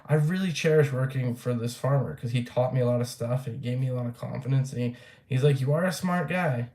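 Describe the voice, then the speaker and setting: A man's voice: mid-range voice, fairly even intonation, fast, warm tone. Dude venting on his vlog, swears a lot, rambles, kinda echoey room. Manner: rambling, blunt, swears freely, many fillers. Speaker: vlogger. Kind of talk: casual rant to camera.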